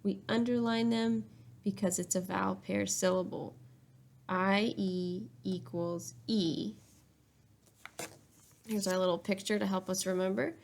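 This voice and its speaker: A woman teacher talks young children through a spelling lesson, step by step and with patience. Her voice has a gravelly, fry-edged texture at an ordinary middle pitch. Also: fairly even intonation, brisk, darkish tone, slight background noise. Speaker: third-grade teacher.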